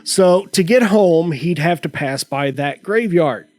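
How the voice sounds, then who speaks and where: A man hosting a comedy podcast, telling a story in a casual, halting way with frequent restarts. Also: on the high side, expressive, a little mellow, no echo, poor audio. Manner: slow, halting delivery with many restarts. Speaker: podcast host.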